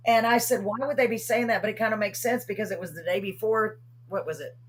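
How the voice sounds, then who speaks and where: A woman's voice: mid-range voice, steady tone, fast, husky. Chatty middle-aged woman host. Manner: chatty, many "you know" fillers. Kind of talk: casual chat.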